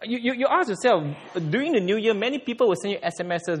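Male pastor, fairly high and lively voice, preaching in an echoing sanctuary. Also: fast talker, hardly any pauses, breathy edge. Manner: animated preaching with sudden emphatic rises. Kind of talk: sermon.

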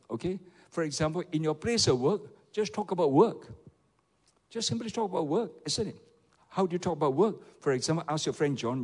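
A man's voice: fairly high pitch, darkish tone, breathy edge, long reverb tail. A man with a Malaysian English accent, a pastor preaching a sermon and often calling on the congregation to respond. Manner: rhetorical, repeatedly asks the audience for replies.

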